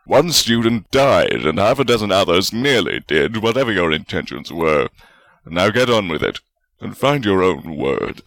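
A man voicing a gruff, gravelly old wizard spirit. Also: deep voice, normal speed, hardly any pauses, fairly bright tone, no echo. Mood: stern. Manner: gruff and indignant. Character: blustering, proud old male wizard spirit. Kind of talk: audiobook fan fiction reading.

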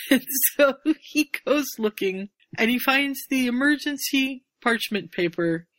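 A woman's voice: high voice, expressive, slow, bright, forceful tone, no room sound. A woman co-hosting a casual chat, animatedly retelling a story and acting out the characters. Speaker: podcast co-host.

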